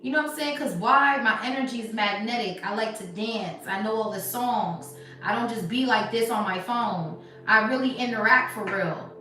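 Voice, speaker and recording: A woman doing a live tarot reading in casual, slangy chat, talking emphatically and sometimes dropping to a soft hush. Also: mid-range voice, moderate pace, hardly any pauses. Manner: animated, emphatic, swings to soft hushed stretches. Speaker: tarot reader. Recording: echoey room, voice distant from mic, music behind. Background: background music.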